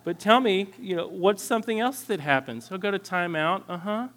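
A man voicing a patient mother gently explaining things to her small child. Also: sits high, moderate pace, voice pushed up. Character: patient mother calmly talking with her toddler.

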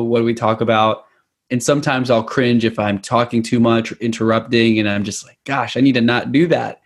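An American man talks casually over a video call. His voice sits in a middle pitch, and he speaks with upbeat energy. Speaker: podcast guest. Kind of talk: casual chat.

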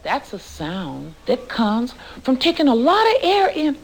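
A woman's voice: a little high, wildly swooping pitch, a little slow, hardly any pauses, husky, soft background music. A woman patiently explaining and demonstrating in a scripted instructional clip.

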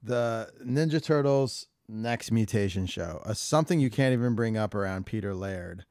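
A man co-hosts a podcast in loose, casual chat. His voice sits low and he rambles, jokes and trails off mid-thought. The sound is dry and close, with no room echo. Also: animated, moderate pace, darkish tone. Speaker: podcast co-host.

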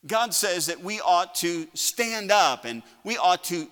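A male preacher with a bright, ringing voice pitched a little high. His passionate sermon climbs to loud shouts and then drops into quiet asides. His voice carries the long echo of a large hall. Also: expressive, unhurried, few pauses. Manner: impassioned preaching, rising to shouts then dropping low. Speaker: pastor.

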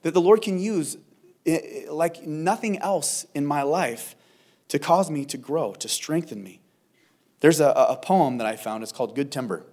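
A male lead pastor giving a verse-by-verse sermon in an earnest way, often stammering over restarts and moving between loud and soft passages. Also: a little high, slightly rough.

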